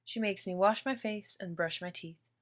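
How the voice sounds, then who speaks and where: Lady reading a kids picture book out loud, steady even pace, middle pitch. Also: moderate pace. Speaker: storyteller. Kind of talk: children's picture book read-aloud.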